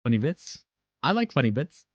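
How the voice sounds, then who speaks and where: A man's voice: medium pitch, very animated, moderate pace, no room sound, dull audio. A man chatting casually on a live stream, joking and filling gaps with ums. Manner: joking, many filler ums, laughs often. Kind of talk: casual chat.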